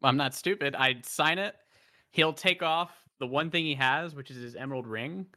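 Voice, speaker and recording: A man's voice: fairly high pitch, normal speed, pushed and bright. A man playing a tabletop game, describing his character's actions in a casual, matter-of-fact way. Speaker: player.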